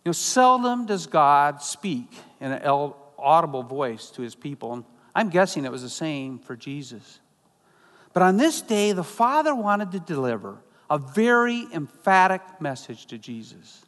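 A man preaching a sermon as pastor, earnest, slowing down when he quotes scripture. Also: a little high, big pitch swings, a bit bright, long reverb tail.

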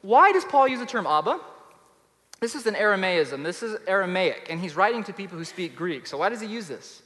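A man preaching with a high, bright-pitched voice, leaning hard on key words and then dropping to near quiet. His voice rings out with a long echo, as if recorded in a large church hall. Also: big pitch swings, brisk. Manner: emphatic, swings from loud to soft. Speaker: pastor. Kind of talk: sermon.

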